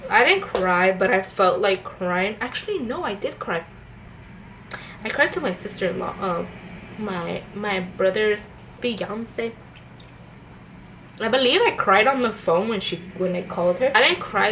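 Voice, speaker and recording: A woman's voice: medium pitch, sharp tone, slight background noise, low-quality recording. A young woman, a stay-at-home mom, chatting in a rambling way with many fillers and restarts while she does her makeup at home. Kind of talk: casual get-ready-with-me chat. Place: at home, indoors.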